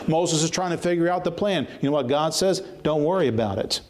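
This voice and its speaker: Speaking fairly quickly with few pauses, this pastor has a high-leaning, expressive voice with a darkish tone. His sermon pairs King James scripture read aloud with earnest plain-language retellings, full of repeated starts.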